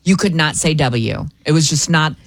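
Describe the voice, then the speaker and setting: A woman's voice: sits low, lively intonation, moderate pace, vocal fry, no room sound. A woman from Chicago co-hosting morning radio, talkative and opinionated. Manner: talkative, opinionated, explains things. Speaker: radio show co-host. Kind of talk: casual morning radio banter. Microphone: studio microphone.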